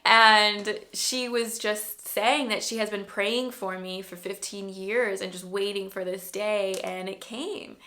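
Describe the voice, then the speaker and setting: A woman in her thirties speaks to her own camera with a clear, bright tone. She tells her story in a heartfelt, earnest way, circling back and restarting her sentences. Her pitch sits in an ordinary middle range. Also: fairly even intonation, slow, few pauses. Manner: earnest and emotional, rambling with restarts. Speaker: vlogger sharing a faith testimony. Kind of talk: casual spoken testimony. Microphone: self-filmed camera.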